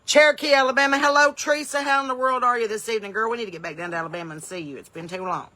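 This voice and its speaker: A woman's voice: on the high side, racing, bright, forceful tone. A woman comedian hosting a live stream from her home porch in the evening. She greets viewers in folksy, upbeat bursts and wanders off into rambling asides.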